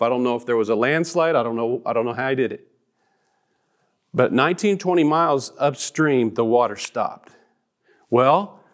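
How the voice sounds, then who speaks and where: A middle-aged man preaching a sermon as a pastor, earnest and storytelling, often restarting his sentences. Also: medium pitch.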